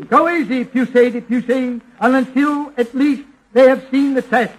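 A man's voice: very high-pitched, animated, normal speed, hardly any pauses, a little hiss or hum, rough recording. A comedian doing a 1930s radio comedy routine, drawling and grumbling insulting asides under his breath.

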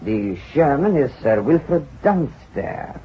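A flamboyant, smooth-talking financier who rolls his words out grandly, his pitch swooping up and down as he charms and coaxes. The dull old radio drama recording has a faint hiss. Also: slow pace. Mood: persuasive. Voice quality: expansive, persuasive, lively intonation. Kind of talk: vintage radio drama acting.

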